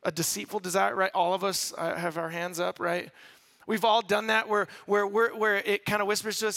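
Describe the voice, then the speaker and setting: A man preaching a sermon to a congregation in a relaxed, conversational way, restarting phrases and drawing the crowd in. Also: high-pitched, normal speed, creaky. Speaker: pastor.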